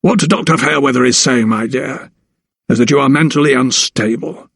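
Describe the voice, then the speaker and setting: A man's voice: mid-range voice, moderate pace, creaky, a bit bright, slightly rough, dry recording, studio quality. A man voicing a cold, domineering older lawyer who talks down to others with haughty condescension.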